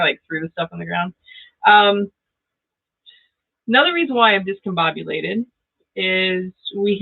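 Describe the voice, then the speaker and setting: Brief: grandmother-aged woman, livestream host, chatty, laughs a lot, tinny phone-like audio. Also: on the low side. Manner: chatty, laughs often, reads out viewer comments. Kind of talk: casual livestream chat. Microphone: new plug-in microphone.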